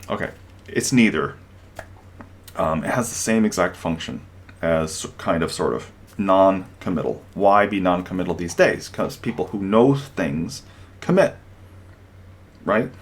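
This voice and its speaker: Sarcastic and animated, this man delivers an opinionated monologue, breaking into mocking impressions now and then. His voice sits low and moves at a moderate pace.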